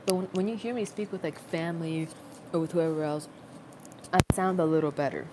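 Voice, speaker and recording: Young woman, lowish voice, rambling and self-mocking, casual livestream chat, phone mic, noisy background. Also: fairly quick.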